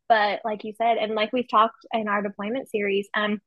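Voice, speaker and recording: A woman's voice: mid-range voice, flat delivery, normal speed, few pauses, no room sound, muffled recording. A woman co-hosting a podcast in casual chat, talking candidly and chatty. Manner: candid, chatty, acts out her own quotes. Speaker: podcast co-host.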